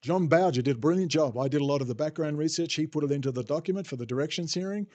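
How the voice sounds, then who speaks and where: A man's voice: a little high, very fast, hardly any pauses, a little mellow. A man hosting a casual livestream, rambling off the cuff, swearing freely and answering viewer chat as he goes. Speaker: livestream host.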